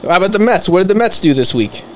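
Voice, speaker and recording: Teasing male co-host, a bit high. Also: sing-song, crowd noise. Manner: teasing, quick back-and-forth banter. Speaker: podcast co-host. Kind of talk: casual chat.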